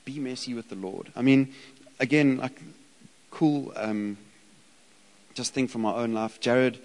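A man's voice: mid-range voice, low-quality recording. A man in his thirties preaching in an informal, conversational way, with frequent fillers and restarts. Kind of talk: conversational sermon.

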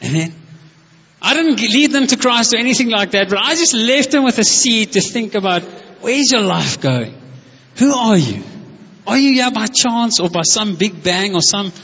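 Pastor, male, high husky voice, enthusiastic story-led preaching, dull lo-fi recording. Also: big pitch swings, moderate pace, fairly bright tone. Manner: enthusiastic, storytelling, calls out to the congregation. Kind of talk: conversational sermon. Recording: echoey hall, dull lo-fi sound.

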